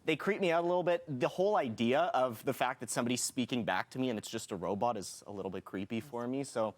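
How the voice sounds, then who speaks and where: A man on a studio couch talks calmly and thoughtfully, with the odd stumble. His voice sits at an ordinary middle pitch. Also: fast talker. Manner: relaxed, a bit hesitant, thoughtful. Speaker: TV show regular. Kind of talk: casual studio chat.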